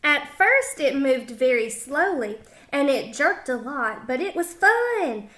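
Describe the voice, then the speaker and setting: A woman's voice: high voice, big pitch swings, takes it slowly, fairly bright tone. A woman teacher reading a picture book aloud to children, stopping to explain words and ask them questions. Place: home kitchen.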